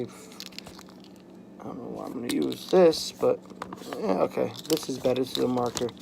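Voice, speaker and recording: A young man talking frankly in a personal vlog at home, halting and full of "like" fillers. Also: medium pitch, vocal fry, background noise. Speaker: vlogger. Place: home, at a workbench.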